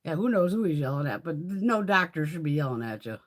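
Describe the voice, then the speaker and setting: A woman's voice: deep voice, sing-song, fairly quick. A woman hosting a casual beauty livestream, telling blunt, profane stories and laughing often as she chats with viewers. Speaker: beauty vlogger hosting a live haul stream. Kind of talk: casual livestream chat and storytelling.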